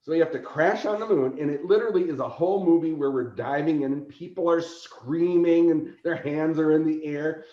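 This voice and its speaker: A man, a convention organizer appearing as a podcast guest, telling an animated story, laughing often and acting out quotes. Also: a little high, fairly quick, hardly any pauses. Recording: roomy echo, dull lo-fi sound.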